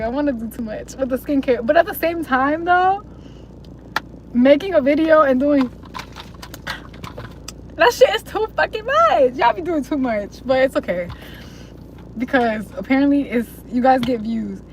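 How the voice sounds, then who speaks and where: A young woman livestreams with a high, expressive voice at a moderate pace, chatting casually and rambling to her viewers in slang, swearing a lot and mocking voices. The audio is poor, with a faint hiss or hum.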